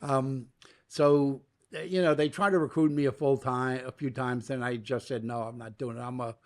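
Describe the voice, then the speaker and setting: Talking at normal speed in a medium-pitched voice, this older man from New York is a media entrepreneur being interviewed. He spins lengthy stories with animation, performing each bit of dialogue himself.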